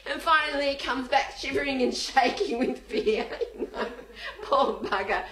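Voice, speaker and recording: An Australian woman telling funny stories to an audience, animated and laughing, acting out the people in them. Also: high-pitched, moderate pace, roomy sound, crowd noise. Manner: animated, laughing, acts out voices in her stories. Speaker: speaker. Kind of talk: humorous storytelling talk.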